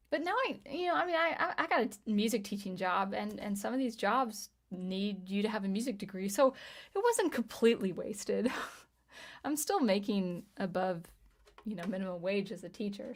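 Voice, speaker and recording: A woman in her thirties chatting casually on a livestream as she reads viewer comments, talking in a halting way with frequent restarts. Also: medium pitch, animated. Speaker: livestream host, music teacher and composer.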